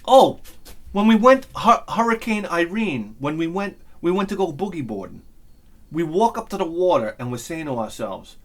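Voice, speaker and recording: A middle-aged man, telling a crude, animated story on his vlog, swinging between loud bursts and muttered asides. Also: fairly high pitch, normal speed. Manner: crude humor. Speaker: vlogger. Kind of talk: casual storytelling.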